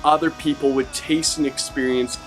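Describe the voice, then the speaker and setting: Man telling an animated testimony. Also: mid-range voice, moderate pace, over music. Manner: animated storyteller acting out quotes. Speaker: youth ministry team member. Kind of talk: personal testimony storytelling.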